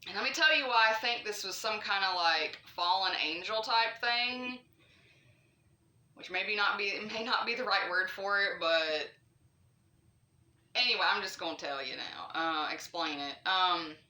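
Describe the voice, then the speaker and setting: A woman from North Carolina, telling a true scary story to camera in a chatty, animated way, with fillers and the odd swear. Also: mid-range voice, unhurried, echoey room. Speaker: vlogger.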